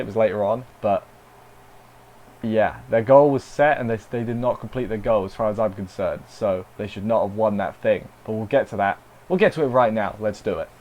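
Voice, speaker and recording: A man's voice: medium pitch, darkish tone, poor audio. Guy rambling through an anime review, dry sarcastic asides. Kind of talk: casual spoken review.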